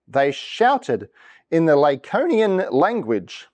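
This is a man giving a church sermon. His voice sits a little high and moves a lot, rising and falling with each point. He keeps turning to the congregation to ask whether each verse is good or bad news. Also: slow pace. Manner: lively, asks congregation for reactions. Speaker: preacher. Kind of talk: interactive sermon.

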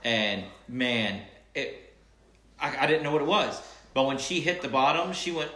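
A man in his thirties casually retelling a story, playful and animated, acting out what people said. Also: mid-range voice, a little slow. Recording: echoey room.

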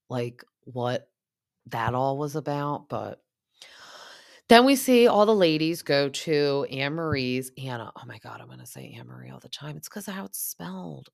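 A young woman hosting a casual recap podcast, talking in a chatty way full of "like" and sometimes dropping into a hushed aside. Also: extremely low pitch. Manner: chatty, heavy use of "like", drops into a hushed aside now and then. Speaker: podcast host recapping reality TV. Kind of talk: casual chat.

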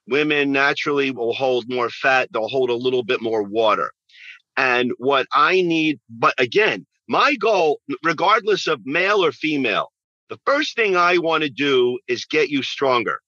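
A man's voice: mid-range voice, bright, forceful tone, no echo, highs cut off. A man who works as a fitness trainer, answering interview questions in an emphatic way and repeating phrases for stress.

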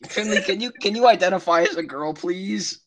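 A man's voice: high voice, brisk, fairly bright tone. A teenage boy co-hosting a podcast, joking around and turning dramatic. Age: teens. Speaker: podcast co-host. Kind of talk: casual chat.

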